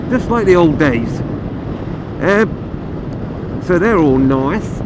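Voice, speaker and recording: A man chatting casually and self-deprecatingly as he reviews a motorcycle while riding it outdoors, with plenty of ums and uhs. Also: fairly high pitch. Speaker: motorcycle vlogger reviewing a bike. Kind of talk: casual ride-along review. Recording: loud wind and engine noise.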